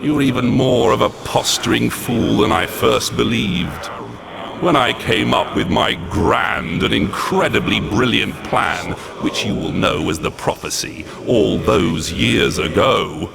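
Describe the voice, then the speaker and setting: An actor playing a malevolent demonic overlord in a video game, gravelly, theatrical and mocking. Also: male voice, mid-range voice, unhurried, crowd noise. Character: malevolent demonic entity, sneering male overlord.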